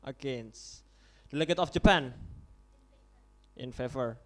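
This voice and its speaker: A young man with an Indonesian accent, chairing a model UN vote in English, halting and often correcting himself as he calls on delegates. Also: mid-range voice. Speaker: conference chair.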